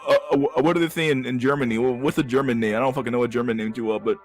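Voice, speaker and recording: A man's voice: mid-range voice, steady tone, fast talker, soft background music. Profane man riffing on the news. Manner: profane, slangy asides. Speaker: podcast host. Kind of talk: reading a news article with casual commentary.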